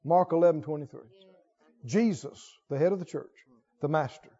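Animated high-voiced male preacher in a reverberant hall. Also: normal speed. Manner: animated, rising to emphatic exclamations, conversational asides. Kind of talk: sermon. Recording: dull audio with long hall reverb.

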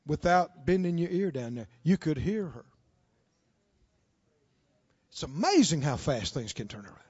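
A man preaching a sermon, telling a story and driving his points home with drawn-out, impassioned emphasis. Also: a little high, sing-song, darkish tone, husky. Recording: dull, dry lo-fi recording.

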